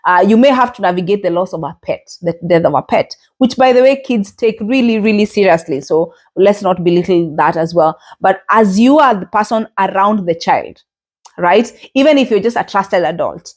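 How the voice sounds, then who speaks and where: A middle-aged woman hosting a podcast, talking reflectively and earnestly in a gentle way, with frequent fillers and restarts. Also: medium pitch, moderate pace. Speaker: podcast host. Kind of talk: reflective solo podcast talk.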